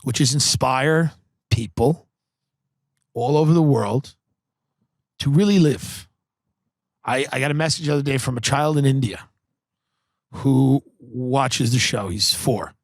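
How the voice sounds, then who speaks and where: A man from Long Island hosting a podcast, delivering a comedic monologue with sardonic, deadpan exaggeration into a close studio microphone. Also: medium pitch, measured pace, long pauses, no room sound. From Long Island, New York. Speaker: podcast host.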